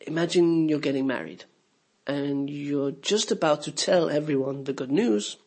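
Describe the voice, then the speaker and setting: Gravelly-voiced man teaching English. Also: a little high, moderate pace, darkish tone. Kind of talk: scripted lesson narration.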